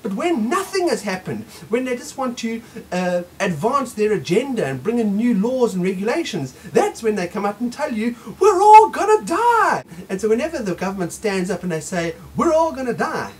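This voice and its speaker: A man's voice: sits high, sing-song, brisk, few pauses, poor audio. A man hosting an opinion monologue, insistent and emphatic, repeating his points. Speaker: host.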